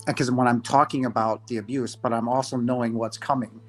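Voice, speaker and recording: A man in his fifties, a podcast guest giving a halting, emotional personal testimony, his voice breaking at times. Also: medium pitch, fairly even intonation, soft background music. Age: 50s.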